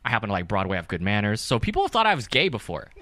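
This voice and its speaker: A young adult man from California doing stand-up comedy at an open mic, energetic and profane, often checking with the crowd. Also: lowish voice, very fast. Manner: energetic, profane, keeps asking the crowd "right?".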